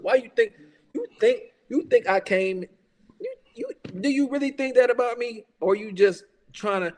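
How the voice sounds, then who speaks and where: A man's voice: very high voice, very animated, normal speed, in a large hall. A man ranting in a heated, casual podcast chat. He is profane and emphatic, repeats himself and keeps saying "bruh". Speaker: podcast talker.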